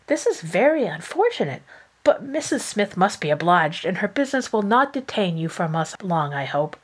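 A woman's voice: sing-song, moderate pace, breathy edge. A woman voicing an earnest, anxious genteel middle-aged mother as she reads aloud. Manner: earnest, raised pitch. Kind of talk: reading aloud.

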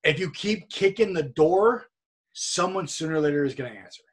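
A man from California, a guest on an interview podcast, telling a long anecdote in a rambling, animated way full of repeats and quoted dialogue. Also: on the high side, moderate pace, husky. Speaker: interview guest, wrestler and streamer. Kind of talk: casual storytelling in a podcast interview.

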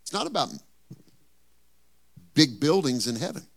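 This male pastor's gravelly, fairly high-pitched voice is very animated yet measured in pace. Preaching conversationally, he throws rhetorical questions at the congregation and rises to loud, forceful peaks.

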